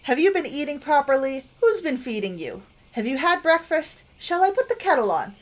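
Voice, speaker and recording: A bustling old granny with a raised, sweet voice, fussing over her grandchild with question after question, as a woman puts her on. Her voice sits fairly high. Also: big pitch swings. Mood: doting. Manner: fussy, rapid-fire doting questions. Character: fussy, doting elderly grandmother.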